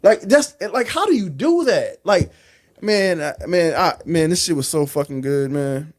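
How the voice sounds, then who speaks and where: Animated, lively male podcast co-host. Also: fairly high pitch. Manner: animated, profane, halting restarts. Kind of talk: casual TV review chat.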